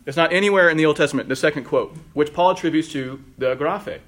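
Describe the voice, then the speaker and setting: Man teaching a lively Bible class. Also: a little high, fast. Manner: conversational, with asides and rising emphasis when reading quotes. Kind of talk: classroom lecture on Scripture.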